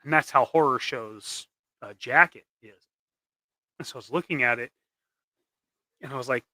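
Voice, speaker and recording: A man's voice: mid-range voice, brisk, pauses often, sharp tone, no room sound. A man hosting a casual livestream while he paints custom action figures, rambling and trailing off into mumbles.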